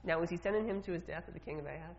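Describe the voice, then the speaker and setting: A woman's voice: on the low side, very fast. Woman preacher chatting thru a sermon, lots of questions to the room, long echo, kinda dull lo-fi sound. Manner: conversational, questions the congregation, repeats words. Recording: reverberant hall, dull lo-fi sound.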